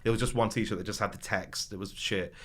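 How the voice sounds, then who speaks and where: A man's voice: lowish voice, a little fast. A man chatting casually, rambling through a story with lots of fillers. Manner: rambling, animated storytelling with frequent fillers and laughs. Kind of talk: casual chat.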